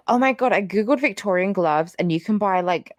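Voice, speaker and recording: A woman's voice: mid-range voice, expressive, moderate pace, dry recording, studio quality. A young woman co-hosting a podcast in casual chat, rambling with lots of fillers and casual swearing. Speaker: podcast co-host.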